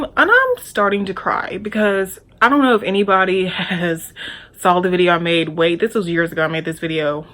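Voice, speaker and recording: A woman's voice: on the low side, fairly quick, a bit bright. A young woman telling a storytime vlog, candid and profane, talking straight to her viewers. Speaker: vlogger.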